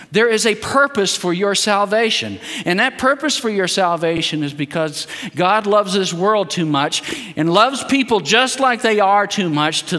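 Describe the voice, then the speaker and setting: A man preaches a sermon, his voice high, bright and lively, rising and falling widely as he drives each point home. He has the congregation repeat statements back to him. The sound carries the long reverb of a church hall. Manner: animated preaching, leads call-and-response statements. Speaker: guest preacher.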